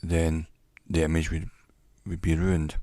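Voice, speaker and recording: A man giving an educational talk in a measured, reflective way, pausing often between phrases. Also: very deep voice, level tone, warm tone, dry recording. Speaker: teacher. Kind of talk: educational monologue.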